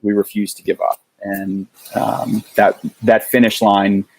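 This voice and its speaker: A man's voice: fairly low pitch, level tone, unhurried, creaky, rough recording. A man in his thirties, a podcast guest, telling a story in a casual way with many restarts and fillers.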